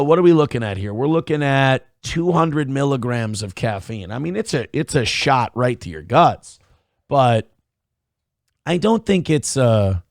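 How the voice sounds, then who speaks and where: Crude, rambling morning show host. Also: male voice, medium pitch, gravelly, darkish tone, no echo, studio quality. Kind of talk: casual live-stream commentary.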